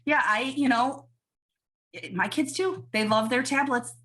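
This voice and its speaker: A woman's voice: high-pitched, a little slow, fairly bright tone, slight background noise. A woman pediatrician giving emphatic parenting advice in a casual podcast interview. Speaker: pediatrician guest.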